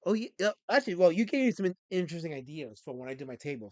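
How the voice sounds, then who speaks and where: A man's voice: a little high, racing, no echo. A man hosting a casual live stream, scolding his chat with plenty of swearing. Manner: scolds chat, profane, animated. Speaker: streamer and host.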